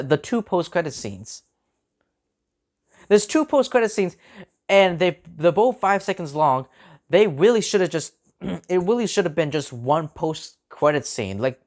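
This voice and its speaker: Agitated man ranting a film review. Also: a little high. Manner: agitated, repeats himself, frequent restarts. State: angry. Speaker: movie reviewer.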